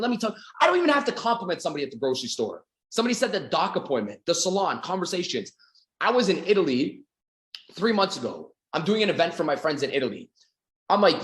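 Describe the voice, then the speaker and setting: A man from Canada giving a motivational sales talk, energetic and acting out little scenes with his voice. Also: fast talker, reverberant. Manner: energetic, acts out quoted dialogue with big pitch swings. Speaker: sales coach.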